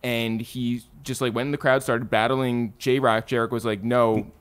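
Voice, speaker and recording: A podcast co-host tells a story in a smooth, resonant voice. He slips in dry jokes at his own expense, and his pitch stays in the middle range. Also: flat delivery, unhurried, fairly bright tone. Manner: dry, self-mocking humor. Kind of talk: casual storytelling.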